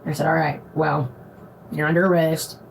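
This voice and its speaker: A woman's voice: deep voice, fairly quick, vocal fry, slight background noise, rough recording. A woman on a live stream telling a rambling, profane story in casual chat. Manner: profane, rambling, animated retelling.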